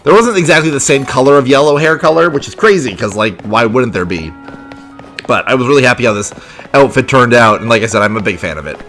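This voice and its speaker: A man talking casually while playing a video game, chatty and excitable. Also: medium pitch, fast, faint music behind. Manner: chatty, excitable, reads game dialogue aloud. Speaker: gaming video host. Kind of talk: casual let's play commentary.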